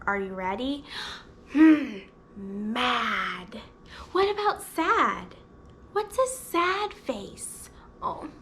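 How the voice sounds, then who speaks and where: Woman talking super slow and high to toddlers, singsongy, big gasps, bit of hiss behind. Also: a bit bright. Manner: exaggerated, gasping, sing-song teacher voice. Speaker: speech therapist and children's video host. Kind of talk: slow sing-song toddler teaching.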